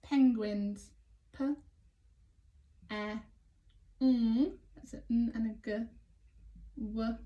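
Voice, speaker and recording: A woman with an English accent teaching phonics to young children, sounding out letters slowly and praising often. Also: mid-range voice, darkish tone. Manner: slow, sounding out letters, encouraging. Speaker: early years teacher.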